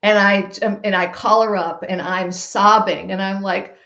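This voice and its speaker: A woman guest telling a personal story in a podcast conversation, emphatic and lively. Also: mid-range voice, normal speed. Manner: animated, emphatic storytelling with laughs. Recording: roomy, dull-sounding recording.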